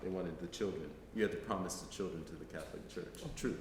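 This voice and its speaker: Middle-aged male lecturer, conversational storyteller, lower voice, recorded in a reverberant hall. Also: fast talker, darkish tone. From United States. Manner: conversational, frequent "right?" tags. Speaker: guest lecturer. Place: lecture hall, live audience. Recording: echoey hall, faint noise.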